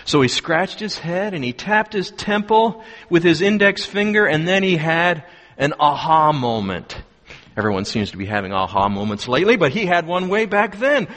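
A man preaching a sermon with a slow delivery and dramatic pauses, reading a scripture story and retelling it vividly. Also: on the high side, sing-song, a bit bright. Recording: long hall reverb.

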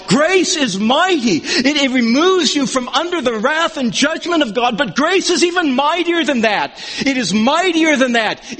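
A man preaching an expository sermon, emphatic and animated, swinging between loud declarations and low asides. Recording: long hall reverb.

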